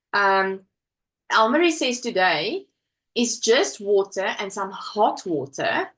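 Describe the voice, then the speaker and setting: A woman's voice: mid-range voice, low-quality recording. A woman hosting a casual crafting live stream from home, chatting and reading viewer comments aloud. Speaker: livestream host.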